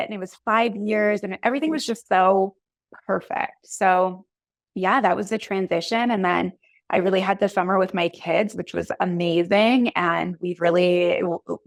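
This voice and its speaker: A woman in her thirties, a podcast guest and coach, telling her story in a chatty, animated way full of "like"s. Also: fairly low pitch, no room sound. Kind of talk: casual conversational interview.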